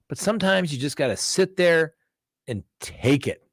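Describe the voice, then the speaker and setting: Combative animated man, dry sound. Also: a little high, moderate pace, no echo. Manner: animated storytelling, acting out courtroom exchanges; blunt, combative. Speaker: defense attorney and show host. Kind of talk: live-stream crime talk.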